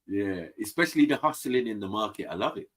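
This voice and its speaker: Give me a man telling animated anecdotes in a casual panel chat. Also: lowish voice, fast talker. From England. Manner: animated, acts out voices in his stories. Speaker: guest on a panel stream.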